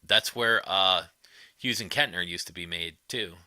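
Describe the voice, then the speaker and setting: A man with a deep voice speaks unhurriedly in a sharp tone, with no room sound. He hosts a casual livestream, chatting with viewers over their comments and delivering blunt opinions full of profanity.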